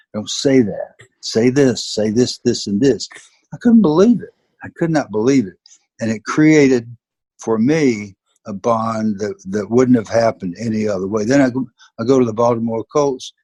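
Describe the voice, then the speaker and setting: A man's voice: on the low side, darkish tone, breathy edge, no room sound. A man in his seventies with a Southern US accent, telling stories from his career earnestly and emphatically as an interview guest. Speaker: guest, former football player and coach. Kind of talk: interview, personal storytelling.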